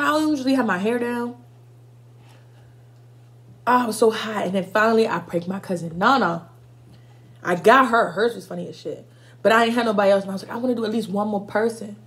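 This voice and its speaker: A young woman telling a storytime on her vlog in a fairly high voice. She is animated and cusses freely. She talks to the audience as y'all. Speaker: vlogger. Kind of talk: casual storytime while eating.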